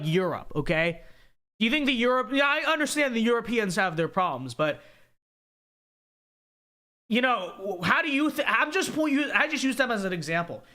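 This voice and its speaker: With a bright, forceful, high-pitched voice, a young livestream host delivers a casual rant. He is emphatic and keeps repeating himself to push his point.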